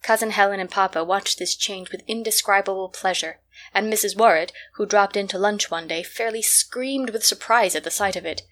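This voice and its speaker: A woman narrating a classic novel in a measured, clear storytelling manner. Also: medium pitch, a bit bright. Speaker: reader.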